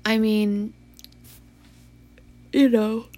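Young woman podcast host, sleepy and soft-spoken, slow flat late-night confessional delivery. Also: fairly high pitch. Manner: soft, tired and halting, yawning and sighing, with whispered stretches.

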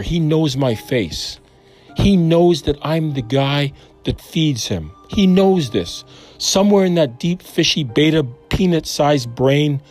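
A man's voice: a little high, darkish tone. A man in his fifties telling a personal faith story in an earnest, rambling, self-questioning way. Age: 50s. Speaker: Christian storyteller. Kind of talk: personal testimony monologue.

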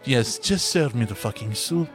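A man's voice: mid-range voice, lively intonation, normal speed, close to an everyday voice. A man voicing a rude, foul-mouthed, middle-aged Frenchman, grumbling with contempt over a restaurant meal, with music behind. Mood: contemptuous. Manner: profane, grumbling, contemptuous muttering.

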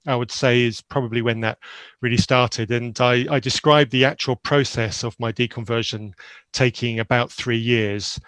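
Man around 50, grew up in Zambia, mid-pitched, earnest and candid, halting restarts, dry close mic. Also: fairly even intonation, a bit bright, no room sound. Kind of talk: reflective personal storytelling.

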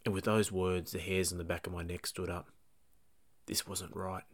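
Male podcast host with a low voice; measured, suspenseful first-person narration. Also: flat delivery. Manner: measured, tense storytelling. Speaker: police dog handler and podcast host.

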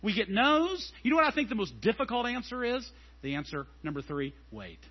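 Animated high-voiced pastor preaching. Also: male voice, fairly quick, husky, muffled recording. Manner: animated and storytelling, acting out scenes. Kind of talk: sermon.

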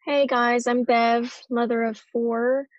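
A woman in her thirties, a mother, talking in a weary, anxious, halting way. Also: a little high, level tone, dry recording. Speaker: mother sharing an update. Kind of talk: casual monologue. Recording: dull, dry sound.

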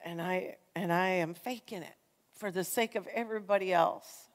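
A middle-aged woman giving an earnest, conversational sermon testimony, swinging between loud emphasis and soft, quiet passages. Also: lowish voice, normal speed. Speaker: church speaker. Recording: long reverb in a large hall.

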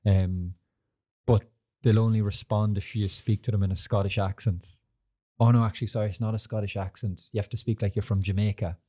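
A young man with a low, mellow voice hosts a laid-back podcast. He rambles from story to story, swears freely and leans on fillers as he goes. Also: fairly even intonation, a little fast. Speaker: podcast host. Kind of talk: casual chat.

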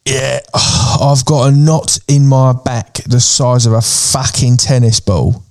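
A man's voice: mid-range voice, fairly even intonation, slow, few pauses, darkish tone, dry recording, clean studio sound. A man co-hosting a podcast, telling a story in casual chat and swearing freely. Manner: sweary, retells the story acting out voices. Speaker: podcast co-host.

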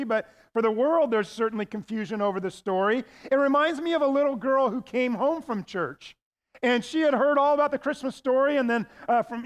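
A male pastor preaching in a conversational, folksy way with playful asides. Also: very high-pitched. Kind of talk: sermon.

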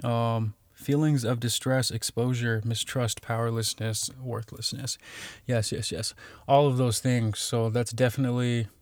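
A man's voice: mid-range voice, flat delivery, a little slow, no room sound, clean studio sound. A man talking casually on his own, reading out definitions with many fillers and restarts.

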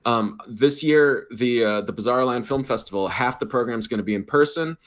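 A man's voice: medium pitch, normal speed. A man guesting on a podcast, talking casually, swearing freely, laughing and stumbling over restarts. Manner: profane, laughing, stammers and restarts often. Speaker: podcast guest, film festival organizer.

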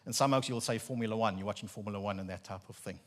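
A man in his thirties with a South African Afrikaans accent, an Afrikaans native speaker, preaching with humorous, animated storytelling and mock-incredulous asides. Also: lowish voice, rapid-fire. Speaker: pastor. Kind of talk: sermon.

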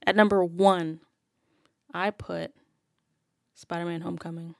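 A woman co-hosting a casual movie chat, telling jokes in a dry, deadpan way. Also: lowish voice, measured pace, vocal fry, no echo. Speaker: podcast co-host.

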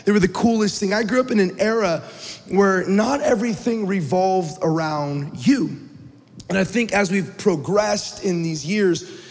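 A man in his thirties preaches to his congregation in a fairly high voice. He tells a personal story earnestly and often repeats words as he goes. The recording carries a long, ringing reverb. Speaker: pastor. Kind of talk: sermon.

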